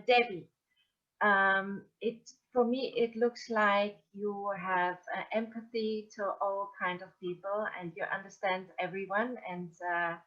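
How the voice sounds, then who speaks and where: A woman's voice: medium pitch, pushed and bright. A woman hosting an online event, asking the guest a question hesitantly with many fillers. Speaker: event host. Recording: dull lo-fi audio.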